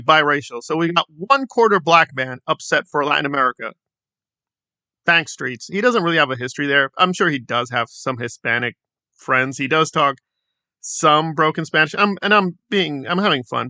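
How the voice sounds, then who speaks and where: A sarcastic man hosting a commentary vlog, with a bright, crisp voice and a lively, swooping delivery. He mocks the people he covers and acts out their quotes, and his voice sounds dry and close to the mic. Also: a little high, no echo. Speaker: commentary channel host.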